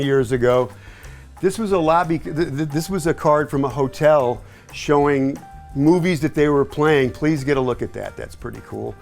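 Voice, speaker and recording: A man in his sixties from East Tennessee, a hi-fi sales associate giving a chatty, rambling home tour with folksy asides. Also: mid-range voice. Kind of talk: casual home tour chat.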